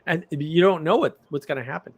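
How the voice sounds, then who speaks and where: His voice fairly high and his pace fairly quick, a middle-aged man hosts a livestream. He chats casually, rambling through animated stories with frequent bursts of laughter.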